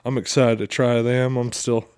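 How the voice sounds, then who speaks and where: Smooth-voiced man telling loose stories. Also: medium pitch, flat delivery, normal speed, darkish tone, no echo, studio quality. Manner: loose, profanity-heavy, rambling. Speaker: podcast co-host. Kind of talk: casual chat and storytelling.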